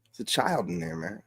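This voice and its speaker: A man's voice: low-pitched, a bit bright, slightly rough, no room sound, clean studio sound. A man giving brash, mocking casual commentary over a podcast clip, repeating himself as he reacts. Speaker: reaction streamer.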